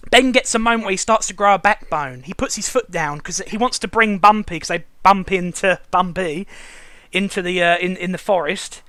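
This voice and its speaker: A man's voice: high voice, moderate pace, sharp tone, smooth, no room sound. A man hosting a casual review chat, ranting sarcastically and swearing often. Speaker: show reviewer and host.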